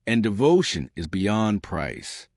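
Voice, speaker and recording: A man voicing a cold, haughty old princess with a deep voice in an audiobook. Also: very animated, slow, no room sound, studio quality, heavily acted. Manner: haughty, curt.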